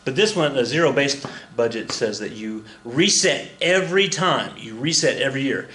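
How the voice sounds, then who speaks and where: A man's voice: mid-range voice, lively intonation, moderate pace, pushed and bright, echoey room. A man teaching a history lesson for his students in a casual lecture, chatty and joking, with lots of fillers. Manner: chatty, jokey asides, frequent fillers. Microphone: recorded at a computer for students.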